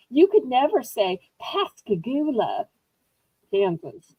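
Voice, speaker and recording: A woman hosting a live online auction from home, chatty and rambling, teasing herself as she pitches items. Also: very animated, normal speed, dry recording, phone-quality sound. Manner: bubbly, rambling, self-teasing. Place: indoors at home.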